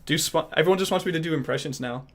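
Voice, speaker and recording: A man's voice: fairly high pitch, racing. A man streaming who chats casually and rambles while trying out voice impressions. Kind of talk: casual chat.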